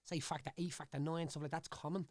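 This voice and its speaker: Recorded dry and at studio quality, a man with a Dublin Irish accent chats casually as a podcast guest, drawing on his past as a fighter. His voice is fairly high, a little mellow, and fairly even in intonation, and he talks fast. He rambles with stumbles, repeated words, and "you know what I mean" tags.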